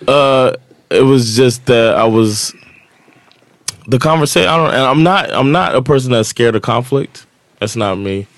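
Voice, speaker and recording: A man's voice: medium pitch, a little slow, no room sound. A man co-hosting a podcast, telling a long personal story in casual chat and acting out what others said. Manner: animated storytelling, acts out quoted dialogue. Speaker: podcast co-host.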